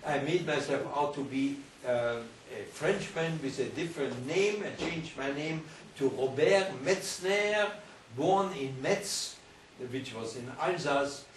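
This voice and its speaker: An older man with a German accent, telling his life story to school pupils in an animated way, repeating and restarting phrases. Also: a little high, slow pace, a little hiss or hum. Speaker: Holocaust survivor speaker. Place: school hall. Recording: echoey hall, recorded from far off.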